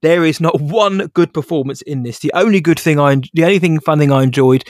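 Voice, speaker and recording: Animated man, sarcastic film talk. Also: fairly high pitch, fairly quick, no room sound, clean studio sound. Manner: animated, sarcastic, laughs while talking. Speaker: film podcast co-host. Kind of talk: casual film review chat.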